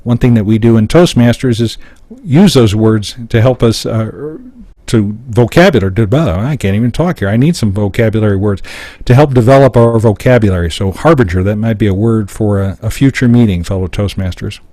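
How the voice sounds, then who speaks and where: A man presents a live public-speaking seminar in a seminar room before an audience, explaining points emphatically and acting out brief example lines. His voice is fairly low and mellow, and he speaks fairly quickly. The recording is dry.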